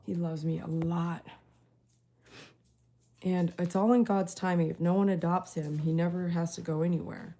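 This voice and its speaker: A woman's voice: fairly low pitch, steady tone, normal speed, long pauses, warm tone. A middle-aged woman at home, talking tenderly and emotionally about her dogs in a casual vlog. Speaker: dog groomer and rescuer. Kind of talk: casual vlog talk to camera.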